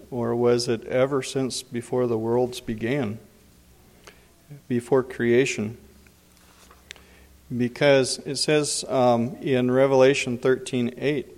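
A man giving Bible teaching in an unhurried way, pausing often with fillers. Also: medium pitch, a little mellow. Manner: unhurried, frequent pauses and fillers. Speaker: preacher. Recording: long hall reverb.

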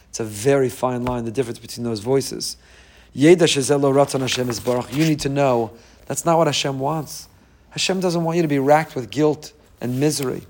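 Joking, animated Jewish religious teacher, a man. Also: medium pitch. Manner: humorous, self-deprecating, conversational. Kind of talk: informal Torah talk.

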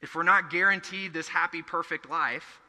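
Young male pastor, earnest storytelling sermon, bright tone, echoey church hall. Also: on the high side, fairly even intonation, moderate pace. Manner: earnest, conversational preaching with storytelling.

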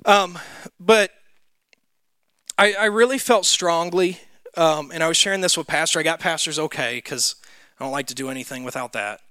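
Young man, church testimony, chatty with lots of fillers; bright, crisp tone. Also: fairly high pitch, moderate pace, pauses often, no echo. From Mississippi, USA. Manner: storytelling with many fillers. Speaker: church speaker. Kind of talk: sermon testimony.

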